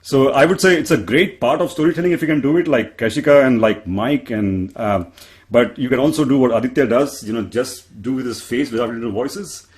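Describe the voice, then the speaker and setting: A man's voice: mid-range voice, a little fast. An earnest man with an Indian accent speaks on a panel in an ordinary mid-range voice. He keeps restarting his sentences and pokes fun at himself as he makes his points. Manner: earnest, self-deprecating, frequent restarts. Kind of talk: panel discussion answer.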